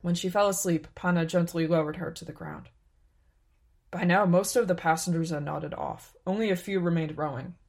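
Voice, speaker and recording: A woman narrating a story in a calm, unhurried, even way. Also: fairly low pitch. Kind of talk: scripted narration.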